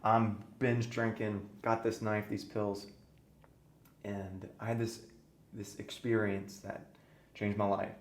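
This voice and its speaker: A man's voice: on the low side, little pitch movement, slow. A man guest on a podcast, telling his own story earnestly and intensely, his voice sometimes sinking to a near-whisper. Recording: echoey room with faint noise.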